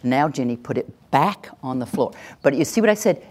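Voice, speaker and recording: A woman leads a parenting workshop as a live demonstration, talking plainly and then breaking into high, gushing praise. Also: lively intonation, moderate pace, hardly any pauses, darkish tone.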